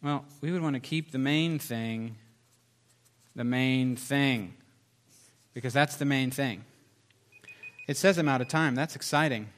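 A man preaching a sermon as pastor, swinging between loud emphasis and soft, confessional asides. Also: mid-range voice, measured pace, pauses often.

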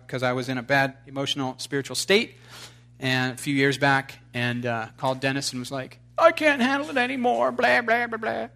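Impassioned preaching man, loud to hushed. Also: mid-range voice. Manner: impassioned preaching, swings from loud exhortation to quiet confession; conversational storytelling with fillers. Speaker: pastor. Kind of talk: sermon.

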